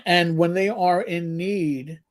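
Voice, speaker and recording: Animated man chatting on a livestream. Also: sits high, takes it slowly. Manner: animated storyteller, frequent restarts; reads viewer comments aloud. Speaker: livestream co-host. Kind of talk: casual livestream chat.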